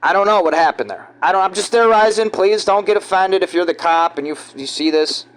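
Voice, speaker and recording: A man from giving rambling, halting, conspiratorial commentary over video clips. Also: high voice, clear, resonant tone, rough recording. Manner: halting, restarts often, conspiratorial. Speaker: vlogger.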